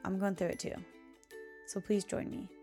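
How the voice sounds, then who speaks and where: A woman's voice: mid-range voice, little pitch movement, normal speed, mellow, faint music behind. A young woman hosting a podcast in a casual, rambling chat, often laughing as she talks. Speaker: podcast host.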